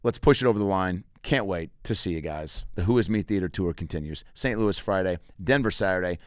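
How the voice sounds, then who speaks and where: A comedian and podcast host talks in a low, smooth voice at a brisk clip, recorded with studio quality and no room sound. His casual monologue rambles, turns crude, and is full of jokey asides as he plugs his shows.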